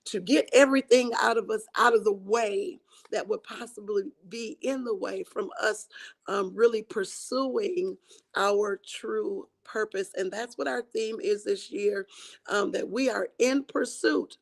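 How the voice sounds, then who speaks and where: A woman hosting a church women's livestream, her voice raspy and tired from singing, talking in an encouraging way with many fillers and restarts. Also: mid-range voice, measured pace. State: hoarse from singing. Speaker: host of a women's ministry livestream.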